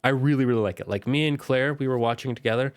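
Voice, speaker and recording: A male streamer talks through a series review in a loose, conversational way, turning to the viewer often and slipping briefly into quoted lines. His voice sits at an ordinary pitch. The recording is dry and close, with almost no room echo. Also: quick pace. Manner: chatty, addresses the viewer directly, briefly acts out quoted lines. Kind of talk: casual spoken review.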